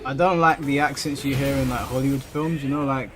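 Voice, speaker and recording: A British man chats loosely on a live stream, reading viewer comments aloud and answering them at a mid-range pitch. Clear music plays behind his voice throughout. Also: steady tone, brisk. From United Kingdom. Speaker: streamer hosting an online tournament. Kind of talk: casual live-stream chat.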